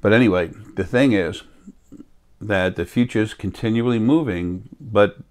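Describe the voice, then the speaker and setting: A man talking in a slow, rambling monologue to his viewers, sick and coughing now and then. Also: fairly low pitch, a little mellow. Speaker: vlogger. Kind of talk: casual monologue.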